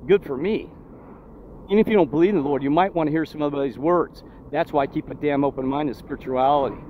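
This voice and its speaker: A man's voice: a little high, fast talker. A man vlogging outdoors near a road, indignant and preachy, firing off rhetorical questions. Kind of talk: agitated street vlog monologue. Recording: dull lo-fi phone audio, faint traffic.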